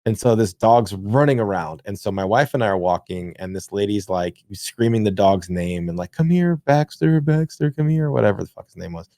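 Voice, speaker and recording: A man co-hosting a casual gaming podcast who tells rambling, profane stories in an animated way. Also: low voice, a little fast, hardly any pauses, no room sound, studio quality. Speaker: podcast co-host.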